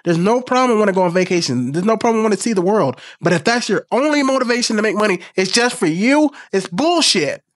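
A man talks straight to camera in a blunt, earnest way, with plenty of swearing and emphatic peaks. His voice sits a bit higher than most men's. The sound is dry and close, with no room echo. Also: expressive, fairly quick, few pauses. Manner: emphatic, rising to forceful peaks. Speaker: YouTube commentator. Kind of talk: reaction commentary.

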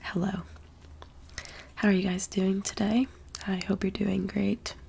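A young woman who is sick with the flu, talking in a soft-spoken, half-whispered ASMR ramble full of fillers. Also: medium pitch, flat delivery, measured pace, gravelly, husky. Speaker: ASMR channel host.

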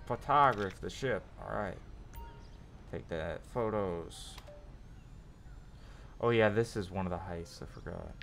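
A young man doing live gameplay commentary, cursing constantly and ranting at the game. His voice is bright and forward, and it rises sharply when he gets irritated. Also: sits low, slow pace, creaky, long pauses, slight background noise. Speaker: streamer. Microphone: desk mic with facecam.

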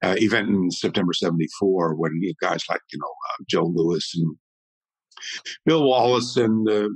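A man in his sixties, a martial arts historian telling stories as an interview guest in an animated, rambling way. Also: low-pitched, moderate pace, no echo, poor audio. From Canada. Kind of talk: conversational storytelling.

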